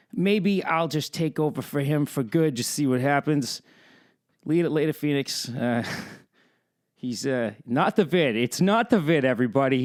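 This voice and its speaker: Joking, rambling young man hosting. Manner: rambling, joking, quick swings in pitch. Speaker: podcast host. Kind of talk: casual solo podcast chat.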